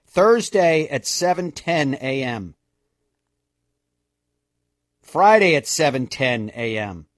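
A chatty, jokey male golf radio host who rattles off the week's broadcast times in a casual, easygoing way. His voice sits at an ordinary middle pitch. It sounds dry and close, with no room echo. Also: very animated, slow.

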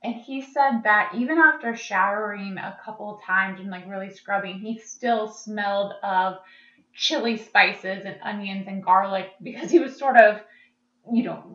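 Co-hosting a casual podcast, a woman recaps events in a chatty way and laughs often. Her voice is medium in pitch, bright and forceful. The recording has an echoey, dull lo-fi quality.

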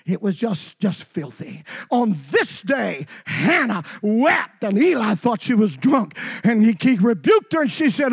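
Husky-voiced preacher shouting emphatically. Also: male voice, big pitch swings, unhurried, hardly any pauses. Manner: emphatic, swinging between low storytelling and shouting. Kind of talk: sermon.

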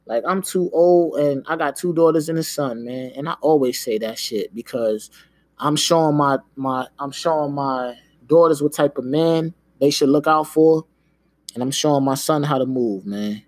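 A podcast host, a man with a fairly high-pitched voice, rants casually in quick bursts, cursing freely and peppering his talk with "man" and "yo" for emphasis. The recording is dry.

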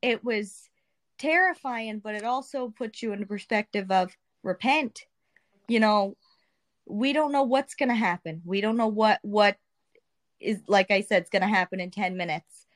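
A woman's voice: medium pitch, normal speed. A young adult woman earnestly and candidly sharing her faith testimony as a guest, in a colloquial way. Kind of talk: casual testimony retelling.

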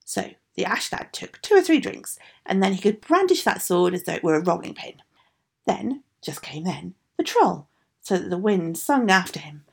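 Female storyteller, animated delivery, raspy low-edged fairy-tale read. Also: normal speed. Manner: expressive, sing-song reading.

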